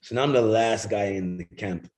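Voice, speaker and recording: A man's voice: fairly low pitch, moderate pace, darkish tone, poor audio. A middle-aged man from Jamaica, a former football player, telling casual stories as a guest, acting out other people's lines, swearing freely and laughing often. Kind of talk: casual storytelling.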